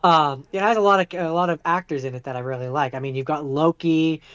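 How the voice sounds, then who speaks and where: A man co-hosting a podcast in casual chat, talking in a measured, hesitant way with lots of fillers and sounding like he's losing his voice. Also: a little high, a bit bright, clean tone, muffled recording. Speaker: podcast co-host.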